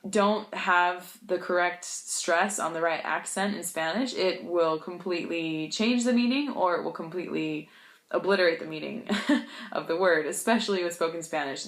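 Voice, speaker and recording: A woman with a somewhat low voice chats casually to her viewers, telling stories and poking fun at herself. She laughs easily and keeps things light. The room around her is roomy and echoey. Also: a bit bright. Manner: chatty, laughs often, self-deprecating. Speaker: language-learning vlogger. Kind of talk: casual storytelling vlog.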